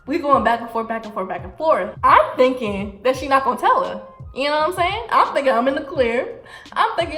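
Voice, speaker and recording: Animated young woman telling a storytime. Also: sits high, brisk. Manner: animated, slangy, acts out quoted voices. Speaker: vlogger. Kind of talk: casual storytime. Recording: echoey room with faint music.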